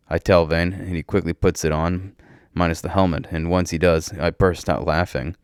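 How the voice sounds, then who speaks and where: A man reading a first-person story aloud in a brisk, wry manner. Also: low-pitched, smooth, dry recording, studio quality.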